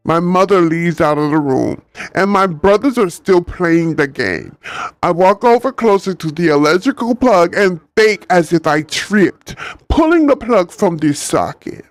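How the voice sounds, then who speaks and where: A man's voice: a little high, slow, no room sound, soft background music. A man reading a novel aloud on stream, breaking off for chatty, joking asides. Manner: animated, chatty, laughs at own jokes.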